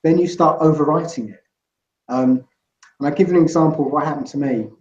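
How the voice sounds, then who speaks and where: A man talks through his ideas in a casual interview, looping back with "you know" and "right?". His voice sits a little high for a man. The sound is echoey and muffled. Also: fairly quick, darkish tone. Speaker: guest.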